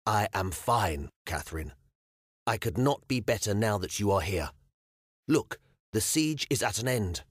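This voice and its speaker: A man's voice: on the low side, lively intonation, measured pace, slightly rough, no room sound, studio quality. A male audiobook narrator voicing a weary, frustrated medieval king who speaks impatiently. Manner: irritable, scowling, impatient. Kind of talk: audiobook character voice.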